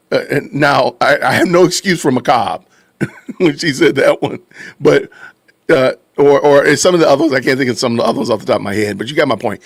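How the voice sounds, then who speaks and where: A man's voice: medium pitch, dry recording, clean studio sound. A man hosting a live-stream podcast in casual commentary, reacting to chat with repeated phrases and frequent laughs. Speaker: podcast host.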